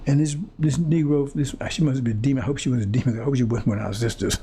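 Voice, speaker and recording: A man's voice: mid-range voice, racing, warm tone, breathy edge. A man delivering an impassioned, confrontational monologue to his audience, repeating phrases and stumbling over words as he searches for them. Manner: fiery, confrontational, repetitive phrasing; stammers and restarts when searching for words. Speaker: preacher speaking to his audience.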